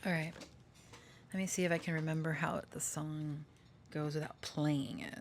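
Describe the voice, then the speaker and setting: A woman speaking emotionally in a casual personal talk, nervous and close to tears, laughing softly between thoughts. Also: sits low, normal speed, pauses often, a little hiss or hum. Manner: sings and half-whispers song lyrics. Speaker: channeler and storyteller.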